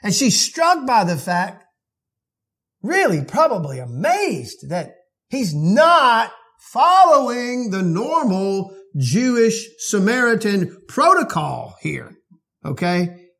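A man's voice: high-pitched, big pitch swings, slow pace, gravelly, fairly bright tone, slightly rough. A male pastor preaching an expository sermon in a conversational way, often asking his listeners questions.

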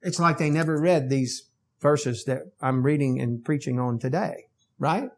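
Male pastor, sermon delivery, measured slow pace, builds to forceful emphasis. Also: fairly high pitch. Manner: emphatic, swings from quiet teaching to loud exhortation.

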